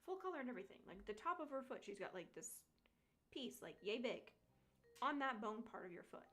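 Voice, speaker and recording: A woman's voice: fairly high pitch, big pitch swings, fairly quick, a bit bright, faint music behind. Chatty young woman swearing casually. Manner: chatty, lots of fillers and swearing. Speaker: vlogger. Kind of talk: casual chat.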